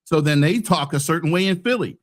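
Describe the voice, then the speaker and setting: An American man hosts a heated, casual debate, talking bluntly, swearing, and cutting over other people. His voice is a little high, animated, and fairly quick.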